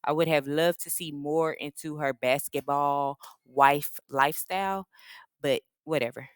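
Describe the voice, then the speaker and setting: Lady recapping reality tv, slangy and gossipy, kinda low smooth voice, dry close sound. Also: measured pace, no echo. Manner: gossipy, slangy, acts out the cast's lines. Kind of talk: casual reaction recap.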